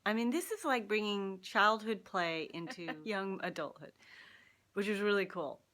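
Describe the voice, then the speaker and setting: A woman vlogger telling a personal story to camera in a casual, animated way, laughing often as she talks. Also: medium pitch, moderate pace. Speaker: vlogger sharing personal insights. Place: Seattle.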